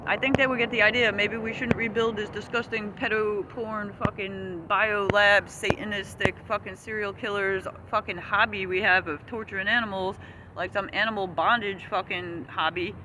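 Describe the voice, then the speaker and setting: High-voiced man ranting outdoors. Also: steady tone, moderate pace. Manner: profane, agitated, rambling. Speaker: vlogger. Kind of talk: angry ranting monologue. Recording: street noise outdoors.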